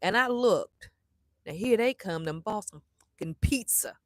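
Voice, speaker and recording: A middle-aged woman vlogger telling a story to her live chat in a blunt, animated way, swearing freely and acting out the people she quotes. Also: medium pitch, a little slow, no room sound.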